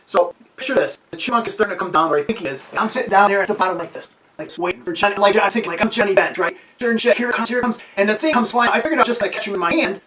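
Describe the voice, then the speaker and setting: A man in his sixties telling a childhood story at home in a casual, animated way, laughing often and acting out the scenes. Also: high-pitched, racing, a crowd in the background, rough recording. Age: 60s. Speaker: amateur radio hobbyist. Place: home with a wood stove.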